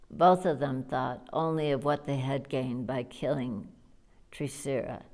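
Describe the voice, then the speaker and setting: A woman narrating an audiobook of a retold scripture in a measured, deliberate way. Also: sits low, a little mellow.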